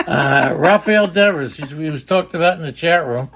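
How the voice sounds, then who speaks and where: Joking older man with a high-pitched voice. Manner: joking, teasing, rambling with fillers. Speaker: podcast co-host. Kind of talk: casual fantasy baseball chat.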